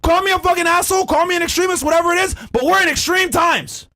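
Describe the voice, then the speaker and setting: A man hosting a podcast, lecturing in a loud, profane, forceful rant. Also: extremely high pitch, steady tone, fast. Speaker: podcast host.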